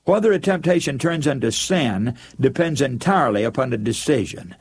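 A male preacher delivers an earnest sermon in a slightly husky voice. His pitch rises and falls freely as he speaks, and he turns to his listeners as friends. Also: animated, normal speed.

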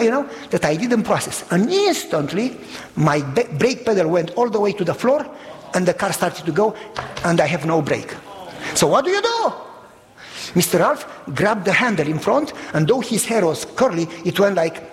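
A man preaching with a high, lively voice that swoops up into exclamations and acts out the people in his stories. His sermon rings through a church hall with a long echo trailing behind each phrase. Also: moderate pace.

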